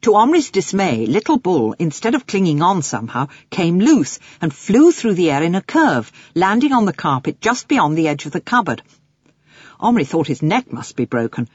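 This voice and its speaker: Woman audiobook narrator, low voice, husky, dry, slightly muffled recording. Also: moderate pace, no echo. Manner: expressive storytelling with lively swings.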